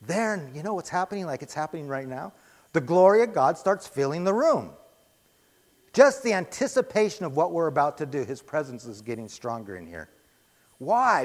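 High-voiced preacher, emphatic, in a reverberant church. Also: male voice. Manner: emphatic, answers his own rhetorical questions. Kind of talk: sermon. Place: church sanctuary.

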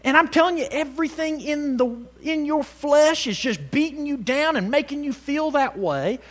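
A man preaching a sermon, swinging from loud exhortation to hushed tones and calling on the congregation to answer him. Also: extremely high pitch, animated, normal speed, big-room sound. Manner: calls on the congregation to respond.

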